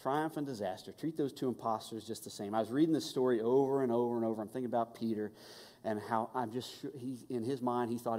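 A man preaching a conversational, animated sermon and acting out the voices he quotes. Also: mid-range voice, quick pace. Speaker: pastor. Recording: long hall reverb.

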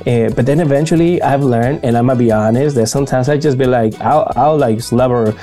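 A man with a Bolivian Spanish accent talks in a mellow, dark voice at a middling pitch. His delivery is animated and slangy, and he acts out little quotes. Soft music plays faintly behind him. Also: brisk. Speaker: podcast co-host and event host. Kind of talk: casual chat.

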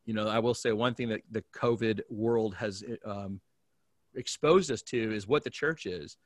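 Guy pastor telling a story on a call, acts out every line, voice jumps high then drops, dry close sound. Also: normal speed, no echo. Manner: animated storyteller, acts out dialogue with big jumps in pitch and volume. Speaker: pastor, guest. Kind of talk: storytelling in a remote conversation.

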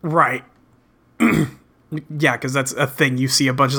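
A man's voice: medium pitch, level tone, a little slow, sharp tone. A man co-hosting a podcast, reacting with short, amused agreement in casual chat. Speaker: podcast co-host.

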